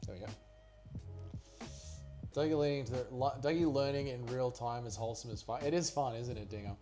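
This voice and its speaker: A man's voice: mid-range voice, brisk, warm tone, faint music behind. A man hosting a casual livestream watch party, tipsy and rambling loosely with plenty of swearing. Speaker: livestream host.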